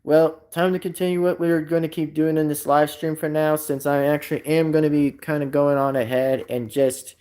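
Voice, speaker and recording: A man's voice: on the high side, little pitch movement, moderate pace, hardly any pauses, darkish tone. A man hosting a casual live stream, reading chat aloud and rambling with many repeats and fillers.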